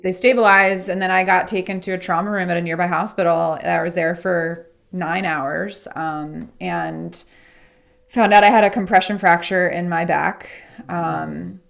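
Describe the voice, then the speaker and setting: A woman with a slightly low, gravelly voice, speaking as a guest in a casual podcast interview. She tells a personal story in an earnest, reflective way. Her tone stays conversational and sincere. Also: moderate pace. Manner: acts out remembered dialogue in lively voices.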